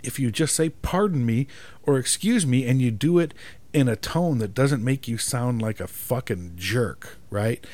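A man's voice: mid-range voice, normal speed, a little mellow. A man ranting in a profane monologue, exasperated and emphatic, swearing constantly and often asking "right?" for agreement.

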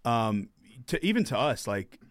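A male podcast host with an average pitch but a lively, swinging delivery. He builds his points through repetition. The recording is dry and up close. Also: unhurried, dry recording. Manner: animated, emphatic repetition. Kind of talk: casual podcast talk.

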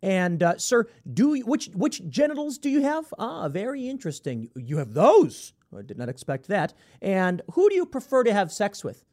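A man's voice: high-pitched, huge pitch swings, moderate pace, hardly any pauses, a little mellow. A man doing a nosy, fake-polite job interviewer. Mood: mock-polite.

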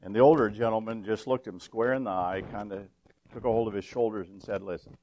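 A man in his sixties, a guest preacher giving a humorous sermon to a congregation in the folksy, halting style of a storyteller. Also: fairly low pitch, steady tone, a little mellow, dull audio. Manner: folksy storyteller, many ums and restarts. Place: church with a full congregation.

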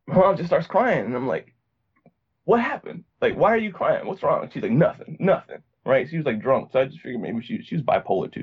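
A man's voice: mid-range voice, husky, narrow, tinny audio. A young man from Virginia telling a personal story in a casual, rambling way, full of fillers and restarts. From Virginia, USA. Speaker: podcast guest.

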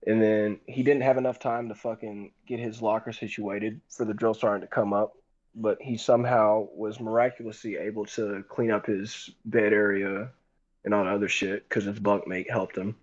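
On a group voice call, a young man casually retells a rambling, profane story with animation. His voice is on the low side at a normal speed, and the audio sounds dull.

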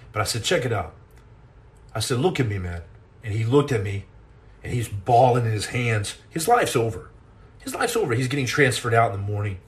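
A middle-aged man hosting a podcast, telling a personal story in an earnest, intense way, halting and repeating words as he goes. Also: mid-range voice, fairly bright tone. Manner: earnest and intense, acts out quoted lines.

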